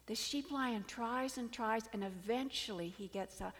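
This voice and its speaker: A woman preaching a sermon, telling a fable in an expressive storytelling manner with dramatic swings in volume. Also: on the high side, measured pace, few pauses, in a large hall.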